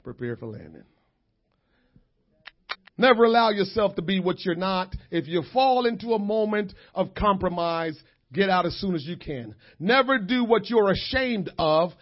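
High-voiced man preaching with fervor. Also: moderate pace, hardly any pauses. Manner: impassioned, swings from hushed to shouting. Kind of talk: sermon. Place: church. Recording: dull lo-fi church recording.

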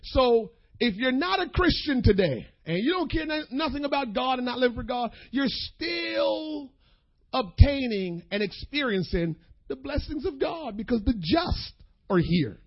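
A male preacher with a husky, fairly high voice delivers a folksy, impassioned sermon. He talks straight to the congregation. The audio of this church recording is dull and lo-fi. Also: sing-song, unhurried.

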